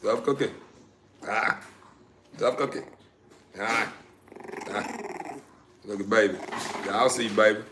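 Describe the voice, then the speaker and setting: A dog breeder with a lowish, bright, forceful voice speaks slowly on a live stream, leaving long pauses and keeping his intonation fairly even. He handles his dogs indoors in a laid-back drawl, repeating phrases and now and then yelling sharply at them. The room sounds echoey, with faint noise underneath.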